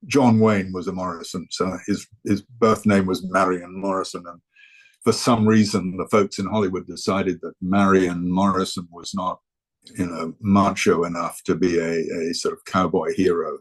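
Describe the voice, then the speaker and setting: Older man, deep monotone speaker, halting and digressive. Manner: hesitant, many fillers and restarts. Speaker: guest speaker. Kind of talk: informal virtual talk.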